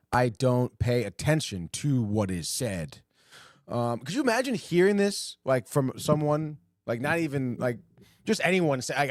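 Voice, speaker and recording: A man's voice: medium pitch, darkish tone, no echo. A man hosts a casual sports podcast, talking loosely and with plenty of swearing. His speech is full of "dude" and "like", and he reads out headlines and quotes in a mocking tone. The recording is dry and close to the mic. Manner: loose and profane, heavy "dude" and "like" fillers. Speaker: podcast host.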